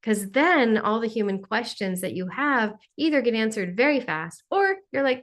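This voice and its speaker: A woman's voice: fairly high pitch, big pitch swings, moderate pace, hardly any pauses, fairly bright tone. A woman hosting a spiritual Q&A on a live video call, talking in a playful, joking way with sarcastic asides. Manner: playful, jokey, sarcastic asides, mimics voices.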